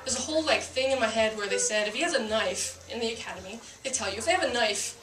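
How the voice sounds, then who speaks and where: A woman's voice: on the high side, fast talker, echoey room, far from the mic. Woman telling a cop story to an audience. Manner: chatty, self-mocking, frequent laughter and fillers. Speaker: police officer telling a story.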